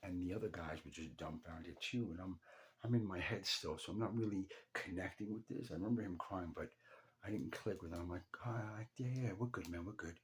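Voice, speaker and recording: A young man with a low-pitched voice, talking a little fast, addresses his late father directly in an emotional personal monologue. He tells a raw story of his parents' funeral, swearing freely, with slight background noise.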